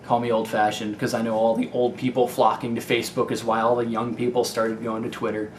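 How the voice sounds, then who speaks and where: Young Midwestern gaming vlogger, mid-pitched, chatty and unpolished, recorded in a slightly echoey room. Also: male voice, little pitch movement, a little fast. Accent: Midwestern American. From Ohio. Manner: rambling, candid, many fillers and restarts. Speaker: YouTube gaming video maker. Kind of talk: casual Q&A vlog. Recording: echoey room with faint noise.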